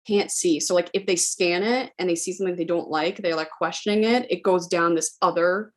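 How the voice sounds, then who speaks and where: A woman hosting a podcast, telling a funny story in a casual, animated way and often laughing as she talks. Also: on the low side, a little fast. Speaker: podcast host.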